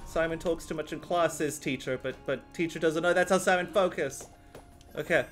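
Rambly guy swearing and laughing through a game, kinda high voice, faint music under it. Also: normal speed. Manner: rambling, excitable, swears often, laughs a lot. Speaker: gaming video host. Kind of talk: let's play commentary.

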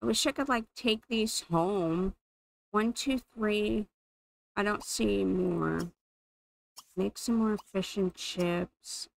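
Woman gamer, unhurried chatty play-by-play, some vocal fry. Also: mid-range voice, dry recording, rough recording. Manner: chatty, amused, thinking aloud while playing. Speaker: gaming channel host. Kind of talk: casual gameplay commentary.

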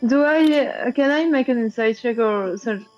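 A woman's voice: a little high, moderate pace, darkish tone, soft background music. Hesitant woman player on a muffled mic. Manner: hesitant, trailing questions. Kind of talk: casual tabletop roleplay.

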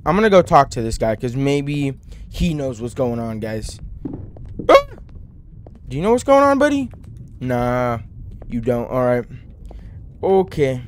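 A man's voice: medium pitch, big pitch swings, measured pace, long pauses, a little mellow, clean tone. A young man commenting on a horror game, talking to viewers and yelping when startled. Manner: jumpy, talks to viewers, yelps when startled. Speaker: gaming channel host.

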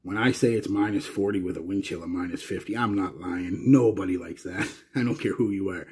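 A man's voice: sits low, moderate pace, a little mellow, husky. A Canadian man chatting to viewers in a casual, rambling fragrance review. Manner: rambling and chatty, with frequent restarts.

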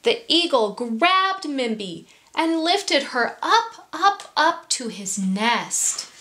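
Woman storyteller for kids, slow gentle read-aloud, higher voice. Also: very animated. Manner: gentle, with hushed whispered asides. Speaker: storyteller for children. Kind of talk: reading a picture book aloud.

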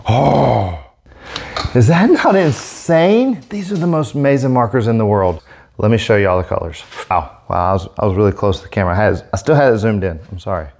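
A man hosting a casual product demo vlog, talking in an excitable, gushing way into a set-up microphone. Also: on the low side, quick pace. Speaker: airbrush artist demonstrating markers.

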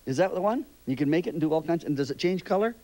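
An older man hosting a children's TV show, gently interviewing young kids in a chatty, rambling, fatherly way. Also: fairly high pitch, expressive, very fast.

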